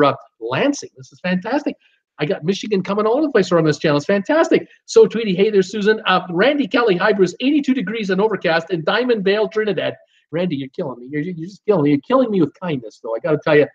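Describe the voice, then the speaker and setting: A middle-aged man hosting a live cruise show, chatting casually and reading viewer comments aloud with a jokey, laughing manner. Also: fairly high pitch. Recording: dull lo-fi stream audio.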